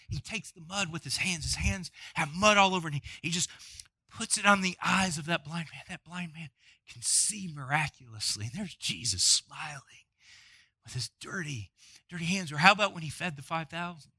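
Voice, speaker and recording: A man's voice: on the high side, sharp tone, husky, no echo. A man preaching an earnest sermon as pastor, often stammering and repeating words.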